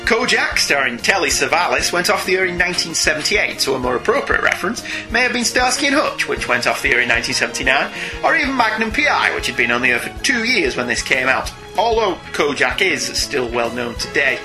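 A man co-hosting a casual comics podcast, animated and often laughing, with quick asides. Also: on the high side, over music. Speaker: podcast co-host. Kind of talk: casual chat about comics.

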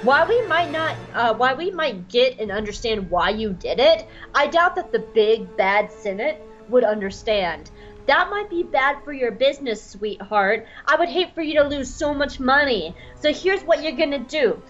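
A woman puts on a tough, sarcastic woman who taunts and threatens in a raised, mocking voice. Her pitch swings a lot as she needles her target. The audio is slightly dull. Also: expressive, normal speed, faint music behind. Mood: taunting.

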